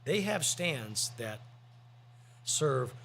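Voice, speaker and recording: Gravelly joking male podcast co-host. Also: mid-range voice, sing-song, very slow, fairly bright tone, a little hiss or hum. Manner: rambling, joking anecdotes. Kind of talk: casual chat and storytelling.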